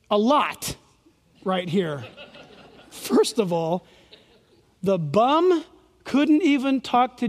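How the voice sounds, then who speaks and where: A man preaching a sermon in a church, animated and sarcastic, with fiery outbursts. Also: high voice, breathy edge, long reverb tail. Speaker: pastor. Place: church sanctuary.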